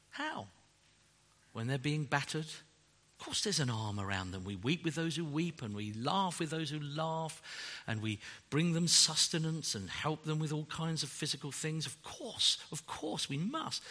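A man preaching a sermon, emphatic and animated, often tagging rhetorical questions onto his points. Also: a little high. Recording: long hall reverb.

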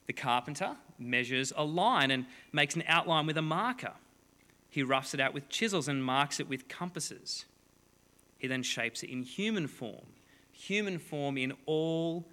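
A man's voice: a little high, pushed and bright. A man preaching a sermon to a congregation, reading scripture and explaining it with playful, joking asides. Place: large hall before a congregation. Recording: long hall reverb.

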